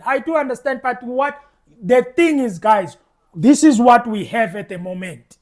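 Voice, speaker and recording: A man's voice: very high-pitched, a little slow. A South African man giving passionate political commentary to his viewers, stammering through restarts and speaking straight to the audience. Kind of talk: opinionated commentary to camera.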